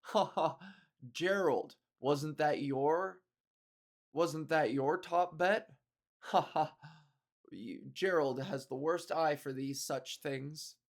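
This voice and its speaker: A woman voicing a pompous rich male VIP gambler in a deliberately stiff, wooden delivery with forced laughs. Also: deep voice, pitched below the performer's own voice, exaggerated voice. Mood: smug.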